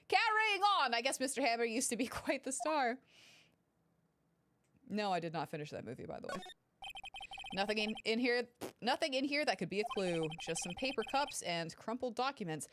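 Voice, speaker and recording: A woman's voice: a little high, normal speed. A young woman streaming a first playthrough of a game, reading dialogue aloud and chatting casually, swearing and giggling. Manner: animated, swearing, giggly, reads dialogue in voices. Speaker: gaming streamer. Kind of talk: let's play commentary reading game text aloud.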